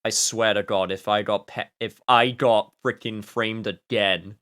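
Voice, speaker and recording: A man's voice: lowish voice, steady tone, a little slow, a bit bright. Joking man commenting on gameplay. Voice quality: chatty, joking, reacts aloud and reads dialogue.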